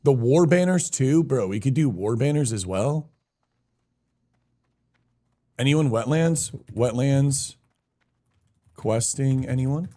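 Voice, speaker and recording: A man's voice: mid-range voice, animated, slow, long pauses, mellow. A young man live-streaming a game, chatting casually, greeting viewers by name and swearing now and then in a hyped-up way.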